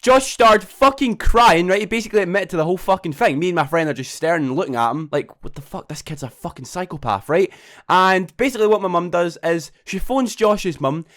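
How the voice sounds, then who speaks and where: A young man tells a story at a rapid clip in a fairly high voice. He swears constantly and tags his sentences with "right?". The delivery is loose and chatty. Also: fairly bright tone. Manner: swears a lot, says "right?" often. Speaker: vlogger. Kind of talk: storytime vlog.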